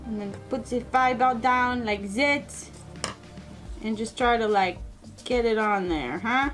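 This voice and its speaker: Woman, high voice, chatty, self-mocking, casual crafting vlog, faint music behind. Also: a little slow, a bit bright. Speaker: craft vlogger.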